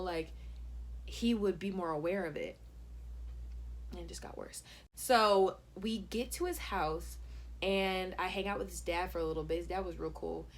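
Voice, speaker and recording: A woman's voice: mid-range voice, fairly bright tone. A young woman telling a casual storytime, chatty and full of "like", acting out what people said. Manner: chatty, heavy use of "like", acts out quotes. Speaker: YouTube storyteller.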